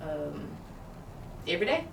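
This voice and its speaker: A woman's voice: deep voice, sing-song, unhurried, creaky. A woman co-hosting a talk show who speaks openly about her struggles, rambling, with lots of fillers. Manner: open, rambling, with many fillers. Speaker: podcast co-host. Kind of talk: candid personal talk. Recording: roomy, far from the mic, noisy background.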